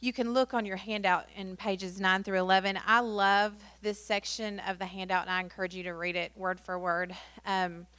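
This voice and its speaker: A woman's voice: medium pitch, little pitch movement, normal speed, few pauses, fairly bright tone, clear, resonant tone, dry recording. Woman leading a training session, casual and chatty, dry sound. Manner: chatty, many fillers, acts out quotes in story. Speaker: workshop presenter. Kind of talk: training workshop talk.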